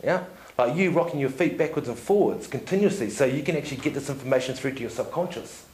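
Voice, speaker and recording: A man giving a seminar talk to an audience, telling stories in an animated way, laughing often and checking in with "yeah?". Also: medium pitch, fast talker. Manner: animated storyteller, laughs often, tag questions. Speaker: seminar speaker. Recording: echoey room.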